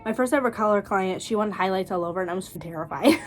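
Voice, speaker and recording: A woman in her twenties telling stories in a blunt, animated casual vlog, laughing often. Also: mid-range voice, fairly quick. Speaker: cosmetologist sharing school experiences.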